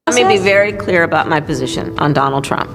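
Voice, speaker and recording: A female politician giving a formal statement in a firm, deliberate way. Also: sits low, animated. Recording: reverberant hall with music underneath.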